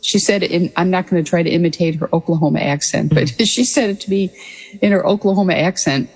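A woman's voice: fairly low pitch, a little fast, a little mellow, husky, big-room sound, low-quality recording. A woman in her sixties, a former military pilot, telling her story as an interview guest in an earnest, reflective way. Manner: earnest and reflective, with frequent restarts and light laughs. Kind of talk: conversational storytelling.

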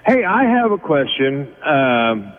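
A man from Kansas calls in to a radio show, pausing with fillers as he explains. His voice is tinny, like a phone line, and trails off into a long reverb. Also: mid-range voice, sing-song. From Wichita, Kansas. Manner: hesitant, with fillers. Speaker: caller. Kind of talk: radio call-in talk.

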